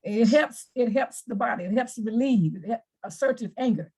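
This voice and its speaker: High-voiced woman coach explaining earnestly. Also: normal speed, a little mellow, slightly rough. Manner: earnest, repeats words while explaining. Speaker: anger management coach. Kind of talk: conversational interview, explaining with examples.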